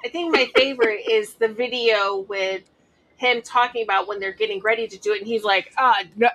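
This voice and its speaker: A woman's voice: mid-range voice, fairly even intonation, fairly quick, a bit bright. A woman in casual chat, complaining with amusement and chatty energy.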